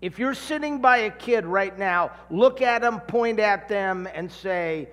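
A middle-aged man from California preaching a sermon, telling a childhood story with lively acted-out voices. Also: high voice, measured pace, few pauses. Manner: animated storyteller, acting out voices. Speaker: pastor. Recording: long hall reverb.

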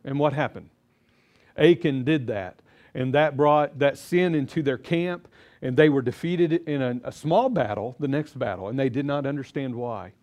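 A man's voice: a little high, darkish tone. A middle-aged man teaching a Bible seminar to a live audience, chatty and quizzing them as he goes. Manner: chatty, asks audience questions, acts out quotes.

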